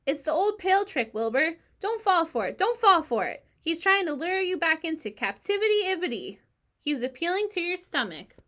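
A woman voicing an excitable, bossy barnyard goose in a storybook reading, repeating her words in frantic bursts. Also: very high voice, normal speed, voice pushed up, heavily acted. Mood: frantic warning.

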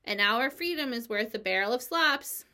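A woman voicing an excitable, bossy barnyard goose in a storybook reading, repeating her words in frantic bursts. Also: on the high side, normal speed. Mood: frantic warning.

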